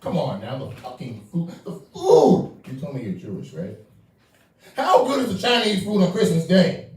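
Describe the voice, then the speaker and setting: Rowdy tipsy New comedian, yelling. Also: male voice, fairly high pitch, expressive, normal speed. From New York. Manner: loud, profane, slurring, yelling. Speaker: comedian debater. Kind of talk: drunk stand-up debate. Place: comedy club stage. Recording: echoey room, far from mic.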